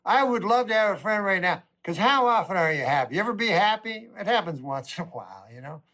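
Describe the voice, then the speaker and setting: A man, a stand-up comedian, delivering a meandering, deadpan monologue. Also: sits high, quick pace.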